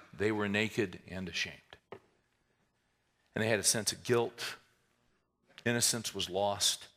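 A man preaching a sermon in an animated way, mixing humorous asides into the teaching. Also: lowish voice. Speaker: pastor.

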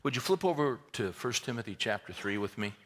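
A man preaching a sermon in an animated way, mixing humorous asides into the teaching. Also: medium pitch, a little fast, slight background noise. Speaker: pastor.

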